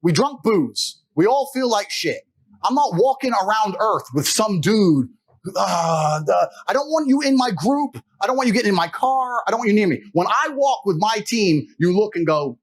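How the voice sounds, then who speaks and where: A man with a slightly high voice talks as an interview guest. His delivery is blunt and emphatic, full of swearing, as he tells stories casually. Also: very animated, moderate pace, low-quality recording.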